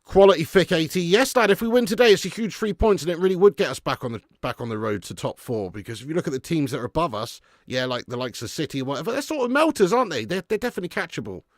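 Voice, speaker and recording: A man hosting a live match watch-along, chatting excitedly with viewers and calling them mate and lad. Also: on the high side, quick pace, hardly any pauses, no room sound, studio quality. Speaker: fan channel host doing a live match watch-along. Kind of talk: casual live-stream commentary and chat.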